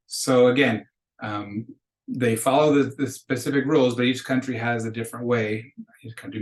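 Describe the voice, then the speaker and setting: A man teaching a beginning Spanish class, explaining grammar and slowly modeling words for students to repeat. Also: mid-range voice, echoey room, poor audio. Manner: explanatory, slows to model pronunciation. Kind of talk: recorded class lecture.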